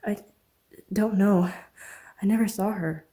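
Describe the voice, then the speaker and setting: A woman's voice: mid-range voice, slow, dark tone. A woman reading a frightened, injured young woman in an audiobook, praying desperately and speaking weakly. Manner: desperate praying, weak and shaky. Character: injured young woman in water, fearful and prayerful.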